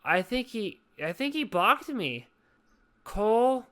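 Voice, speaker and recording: A woman's voice: mid-range voice, big pitch swings, measured pace, pushed and bright. A drunk woman hosting a casual podcast chat, rambling, swearing and apologizing over and over. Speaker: podcast host.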